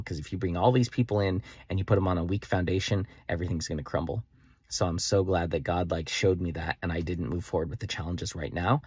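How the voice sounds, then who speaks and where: A young man talking excitedly in a rambling daily vlog about his faith coaching plans, full of "like" fillers. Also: low-pitched, husky, no room sound, clean studio sound. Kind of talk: enthusiastic daily vlog monologue.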